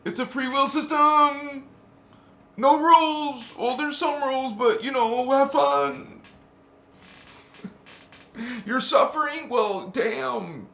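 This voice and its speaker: A man's voice: extremely high pitch, slow, creaky, long pauses, bright, forceful tone. A man hosting a spiritual channel, talking casually and playfully, laughing often and calling the listener honey. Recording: roomy echo.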